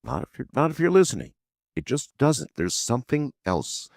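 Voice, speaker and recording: A man's voice: mid-range voice, big pitch swings, normal speed, creaky, darkish tone, no room sound, clean studio sound. A man hosting a late-night call-in radio show, taking callers and musing aloud between calls. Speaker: radio talk show host.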